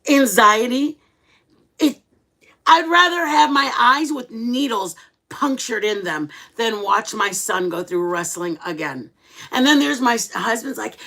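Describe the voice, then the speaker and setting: A woman's voice: fairly high pitch, unhurried. A middle-aged woman hosting a livestream, chatting casually with viewers and telling stories dramatically. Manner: animated, chatty, dramatic storytelling. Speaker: livestream host.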